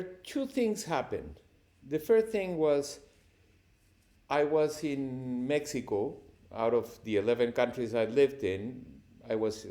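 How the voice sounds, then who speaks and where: A man, a cinematographer guest on a podcast, telling lively anecdotes with frequent laughter. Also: medium pitch. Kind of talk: storytelling interview answers.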